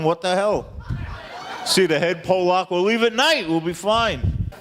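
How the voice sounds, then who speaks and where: A man's voice: fairly high pitch, slight background noise. A man performing a stand-up comedy set with punchy delivery, laughing at his own jokes.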